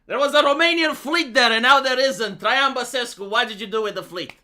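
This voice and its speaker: A man putting on the voice of a pompous campaigning politician, declaiming slowly and loudly. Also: very high-pitched, full character voice. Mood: mocking.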